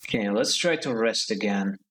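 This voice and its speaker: A man streaming a story game, reading the narration aloud and adding relaxed, joking asides. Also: lowish voice, moderate pace, low-quality recording.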